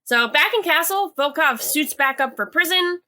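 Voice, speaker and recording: A young woman with a bright, slightly high voice chats through a TV recap. She hedges with "like" a lot and trails into asides. It's a relaxed podcast conversation. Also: moderate pace. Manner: chatty, hedging with "like", reads quotes aloud. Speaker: podcast co-host. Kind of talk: casual episode recap.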